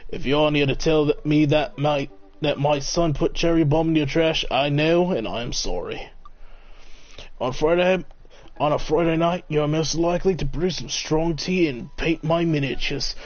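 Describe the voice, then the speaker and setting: A man voicing a gentle, bookish dad who teaches, in a put-on Australian accent. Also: fairly high pitch, normal speed, no room sound, close to an everyday voice. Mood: earnest. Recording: dull lo-fi mic.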